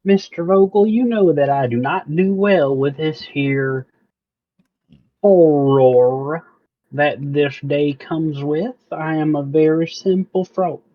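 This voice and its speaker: A man's voice: a little high, takes it slowly. A man voices a fussy, excessively courteous shopkeeper who speaks in stiff, old-fashioned phrases. His tone stays proper and formal. The audio is dull and lo-fi. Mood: prim. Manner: stiff, archaic politeness. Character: overly formal polite shopkeeper man, prim.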